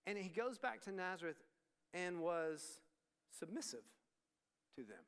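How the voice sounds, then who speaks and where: A man's voice: sits high, animated, measured pace, fairly bright tone, clean tone. A man preaching to a student ministry in a conversational sermon, often acting out the lines of the people in the story. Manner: conversational, acts out dialogue. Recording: long hall reverb.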